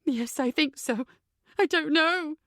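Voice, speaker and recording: Brief: woman reading a sobbing, frantic mother, pitched high. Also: takes it slowly, fairly bright tone, no room sound, clean studio sound. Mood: distraught. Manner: hysterical, tearful. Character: distraught middle-aged mother, tearful and panicked.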